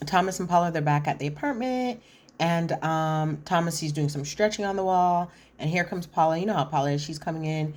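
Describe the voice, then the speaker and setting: Woman, young adult, low voice, casual reality TV recap, chatty, filler-heavy, acts out quotes. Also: a little fast, darkish tone. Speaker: reality TV commentator.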